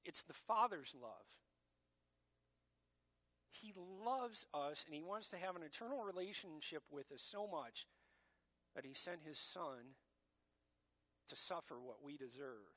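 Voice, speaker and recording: Guy pastor preaching a sermon, slightly high voice, punchy emphasis. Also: expressive, unhurried, pauses often, bright, forceful tone. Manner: emphatic, preacherly, addresses congregation as church.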